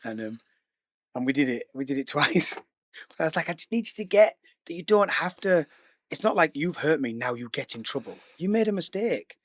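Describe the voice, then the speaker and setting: Slightly high-voiced man. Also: expressive, brisk. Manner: reflective, acts out dialogue in anecdotes. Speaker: podcast co-host. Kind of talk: casual chat.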